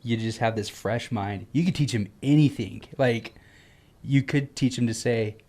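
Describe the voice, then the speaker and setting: Easygoing joking dad on a podcast. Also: male voice, mid-range voice, moderate pace. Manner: relaxed and joking, laughs easily. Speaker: podcast co-host or guest, father. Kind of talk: casual chat.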